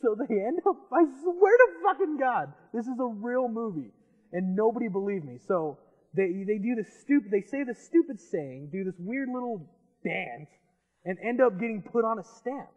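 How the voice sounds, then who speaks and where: Here a young man with a high-pitched voice tells a rambling, swear-filled story in casual podcast chat. The sound is muffled and rings with a long reverb, with faint music underneath. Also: expressive, moderate pace. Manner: rambling, profane, laughing storyteller. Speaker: podcast host. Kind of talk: casual chat, retelling a movie.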